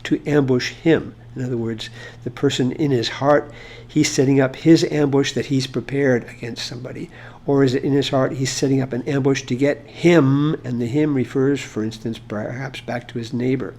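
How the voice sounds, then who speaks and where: A man's voice: mid-range voice, fairly even intonation, normal speed, a little mellow. A man explaining Hebrew grammar in an informal lesson, talking it through with fillers and restarts. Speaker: Hebrew teacher.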